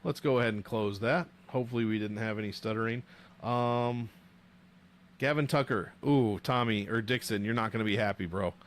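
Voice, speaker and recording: A man's voice: on the low side, normal speed. A young man hosting a casual livestream, joking and swearing as he banters with viewers from a home streaming setup on a desk mic. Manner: profane, joking, animated banter. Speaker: livestream host rating fighter nicknames.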